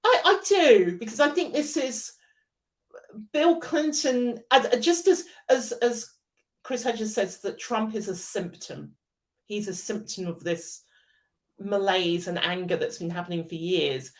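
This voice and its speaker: A British woman with a mid-range voice in casual podcast conversation. She talks with halting starts, repeating words as she builds a point. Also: mid-range voice, low-quality recording. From United Kingdom. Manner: halting, many restarts and repetitions. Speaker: podcast co-host. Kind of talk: casual chat.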